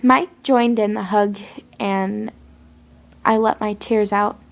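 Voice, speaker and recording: A woman reads a first-person story aloud in a dramatic, emotional way. Her voice has a creaky, gravelly edge and sits at a middle pitch. Her delivery leans tearful. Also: steady tone, takes it slowly, dull audio. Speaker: story reader.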